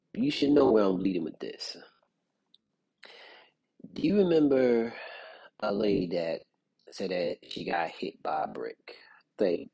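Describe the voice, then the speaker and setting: A man's voice: low-pitched, darkish tone, slightly rough, no room sound. A man hosting a podcast, talking casually in a rambling commentary with lots of fillers and restarts. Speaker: podcast host.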